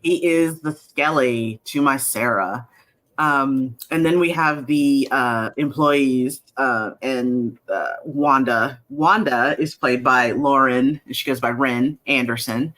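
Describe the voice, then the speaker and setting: A man who created an indie animated series, chatting casually in an interview with lots of ums and acted-out quotes. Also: mid-range voice, slow pace, low-quality recording.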